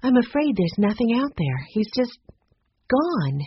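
A woman's voice: on the high side, sing-song, a little slow, slightly rough, no room sound, lo-fi sound, pitched above the performer's own voice, full character voice. A woman voicing an eager, determined girl sleuth who talks insistently and impatiently, in a storybook reading.

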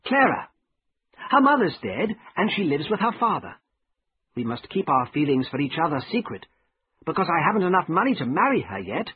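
A cheerful, earnest young man, as a husky-voiced man puts him on, speaks in a raised, lively voice that pleads gently. The sound is breathy, dry and narrow, like a phone line. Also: fairly high pitch, moderate pace, no echo, voice pushed up, heavily acted. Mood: hopeful.

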